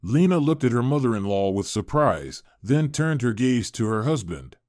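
A man narrating a scripted story in an expressive storytelling manner. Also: mid-range voice, moderate pace, hardly any pauses, dry recording, studio quality.

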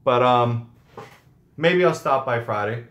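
A man's voice: medium pitch, lively intonation, slow pace, fairly bright tone. A man hosting his channel, chatting casually with viewers in a rambling, joking way. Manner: rambling, joking, with frequent fillers. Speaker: channel host.

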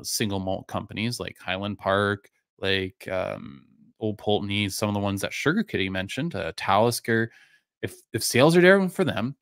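Male stream host, lowish pitch, slightly hoarse, loose chatty delivery, dry close sound. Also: no echo. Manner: relaxed, rambling, many fillers and restarts. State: voice going a bit hoarse. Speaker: live-stream whisky reviewer, host. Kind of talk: casual live-stream chat, answering viewer comments.

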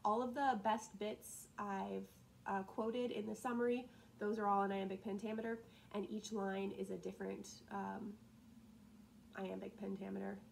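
A woman teacher talking through class assignments in a casual, upbeat way, with frequent laughs and quick asides. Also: medium pitch, flat delivery, vocal fry, darkish tone, slight background noise, rough recording. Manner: chatty and upbeat, laughs often, drops into asides. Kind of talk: casual recorded lesson walkthrough.

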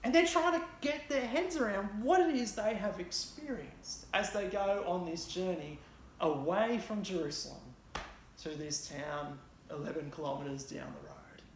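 A woman's voice: fairly low pitch, moderate pace, roomy sound, slight background noise. Chatty woman preaching in a church. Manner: chatty, conversational retelling with fillers. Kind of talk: sermon.

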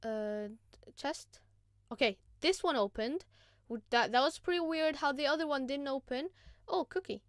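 High, excitable young-sounding gaming host woman. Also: normal speed, dry recording, studio quality. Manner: excitable, chatty, self-mocking. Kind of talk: casual gameplay commentary.

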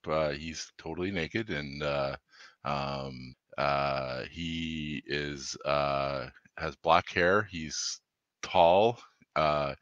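A man playing a tabletop game, rambling and hesitant as he describes his character. His voice is very deep and bright, with slow pacing. The dry sound comes through a dull, lo-fi mic. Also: no room sound. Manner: rambling, hesitant, self-deprecating. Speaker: player. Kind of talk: casual tabletop game play.

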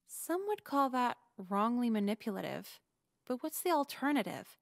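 An actress playing a bitter, cynical teenage girl who speaks in a sharp, sardonic way. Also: a little high, big pitch swings, normal speed, gravelly, dry recording, studio quality. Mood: cold, bitter. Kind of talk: video game voice acting.

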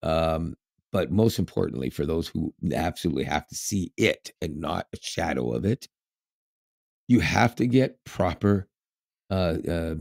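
Deep gravelly man, rambling chat. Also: animated, unhurried, a little mellow, no room sound, studio quality. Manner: rambling, laughs often, many fillers and restarts. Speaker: podcast co-host. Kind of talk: casual chat.

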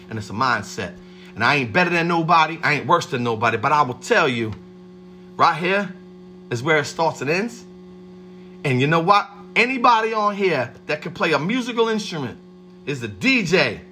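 A man hosting a livestream, giving a streetwise motivational pep talk and shouting out viewers by name. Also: fairly high pitch. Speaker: livestream host.

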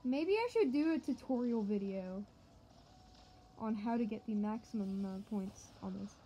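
A woman giving joking let's-play commentary to her viewers, excitable and yelping at the game. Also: mid-range voice, normal speed, slight background noise, rough recording. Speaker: gaming channel host.

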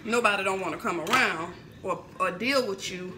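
A woman's voice: medium pitch, moderate pace, sharp tone, slight background noise, poor audio. A woman in her thirties chatting casually in a home kitchen vlog, laughing and swearing freely. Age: 30s. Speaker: vlogger. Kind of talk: casual cooking vlog chat.

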